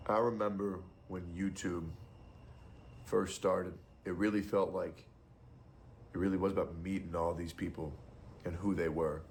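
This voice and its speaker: A man's voice: sits low, level tone, unhurried, pauses often, a little mellow, a little hiss or hum. A man streaming, musing in casual talk and swearing with disgust.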